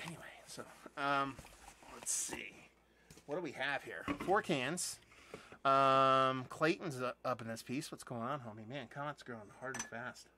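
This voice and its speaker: Male host, bright, forceful tone, loose chatty live-stream rambler, casual cursing. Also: medium pitch, a little slow, a little hiss or hum. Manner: rambling and chatty, with many fillers and restarts; enthusiastic, swears casually. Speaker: beer reviewer and channel host. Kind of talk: casual live unboxing chat.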